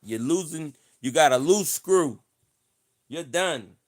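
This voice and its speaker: A man's voice: fairly high pitch, animated, slow. Boastful man on a playful livestream. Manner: playful, repeats himself, boastful mock-campaign talk. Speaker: livestream host. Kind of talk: casual livestream chat.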